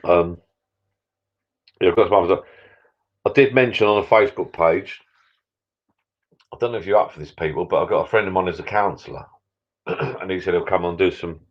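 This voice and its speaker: A very low-voiced man rambles through a casual live-stream chat from his backyard pub shed. He grumbles, cuts himself off and wanders between topics. The audio sounds dull and lo-fi. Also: moderate pace, long pauses. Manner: rambling, chatty, self-interrupting, grumbling.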